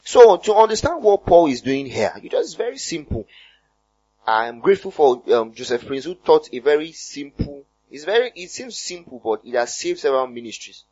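Animated Nigerian pastor, high, lively voice. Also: male voice, moderate pace, breathy edge, highs cut off. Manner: animated, conversational preaching, punctuated by hallelujahs. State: voice cracking. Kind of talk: sermon.

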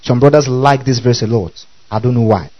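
A man's voice: medium pitch, a little fast, a little mellow, lo-fi sound. A man preaching a Bible-teaching sermon, often asking the congregation whether they follow. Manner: keeps checking the audience follows, repeating questions.

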